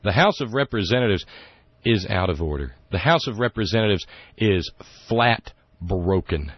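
Man, radio host, indignant, sarcastic, low voice, dry studio, slightly dull sound. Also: lively intonation, normal speed, husky, no room sound. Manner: indignant, sarcastic, rambling with fillers. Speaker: radio talk show host. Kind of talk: political talk radio commentary.

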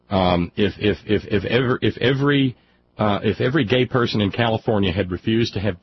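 A man hosting a political talk radio show, heated and stammering, restarting sentences often. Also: fairly low pitch. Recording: slightly dull radio audio with faint noise.

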